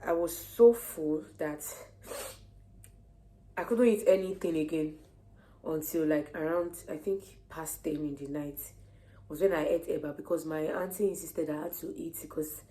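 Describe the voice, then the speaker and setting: Pregnant nigerian woman chatting to camera, lowish voice, acts out the convos. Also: normal speed. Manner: lively, animated retelling of conversations. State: heavily pregnant. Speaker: vlogger. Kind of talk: casual storytelling to camera.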